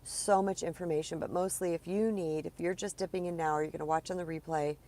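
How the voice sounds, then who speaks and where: A woman with a low voice talks as a spiritual coach. She is earnest and encouraging. Her tone stays conversational, as if chatting with viewers of a live stream. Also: steady tone, quick pace, warm tone. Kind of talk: live-streamed motivational talk.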